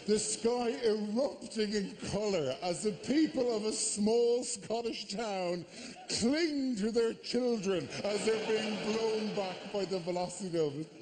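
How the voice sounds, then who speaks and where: Brief: Irish male comic, bit high, rapid swearing stage patter, live theatre with faint noise. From Ireland. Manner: rapid, animated, swearing, jumps into frantic voices. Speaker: stand-up comedian. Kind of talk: stand-up comedy.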